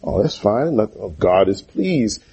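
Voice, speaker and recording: A man's voice: fairly low pitch, very animated, unhurried, warm tone, breathy edge, muffled recording, voice pushed down, full character voice. A man preacher voicing a smug false priest in a lazy, reassuring drawl. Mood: dismissive.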